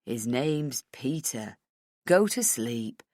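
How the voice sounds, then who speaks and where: A woman reading an audiobook voices a calm, teasing young British husband, lowering her voice to speak softly and patiently. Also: slow pace, no room sound, clean studio sound, full character voice.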